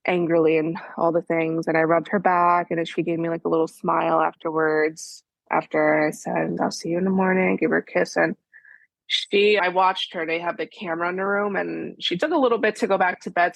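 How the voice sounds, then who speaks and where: Woman, mom, lowish gravelly voice, rambling casual talk, dry sound. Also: flat delivery, a little fast, no echo. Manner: rambling, many fillers. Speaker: mother in coaching. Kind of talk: casual chat.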